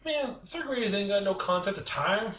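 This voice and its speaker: A man's voice: high voice, animated, moderate pace, a loud crowd. A man hosting a podcast in casual chat, rambling and joking, often trailing off and restarting. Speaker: podcast host. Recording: echoey room.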